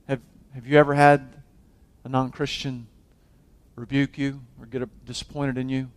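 A man preaching a sermon as a pastor, swinging from loud exhortation to hushed intensity, often restarting and repeating his words. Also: mid-range voice, little pitch movement, normal speed.

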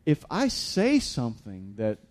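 A man's voice: medium pitch, wildly swooping pitch, a little slow. A man preaching a sermon as a pastor, conversational with many fillers and restarts, building to emphatic peaks.

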